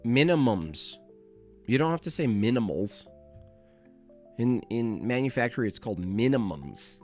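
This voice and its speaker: A man's voice: medium pitch, very animated, measured pace, a little mellow, faint music behind. A man hosting a livestream, giving sarcastic, rambling comic commentary. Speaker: livestream host. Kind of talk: comedic live commentary.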